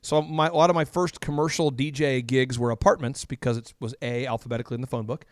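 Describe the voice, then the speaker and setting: A man, a guest in an interview, telling a lively story and often jumping up in pitch. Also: fast, no room sound, studio quality. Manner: animated, jumps high in pitch.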